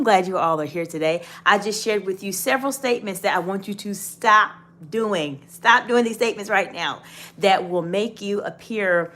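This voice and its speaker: A woman giving a live leadership-coaching talk, emphatic and animated, often acting out example phrasings. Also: mid-range voice.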